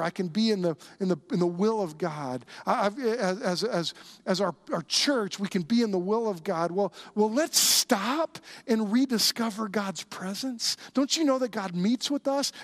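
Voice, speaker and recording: A man's voice: high voice, a bit bright. A man preaching as a pastor in church, earnest and storytelling, often restarting his sentences. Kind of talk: sermon.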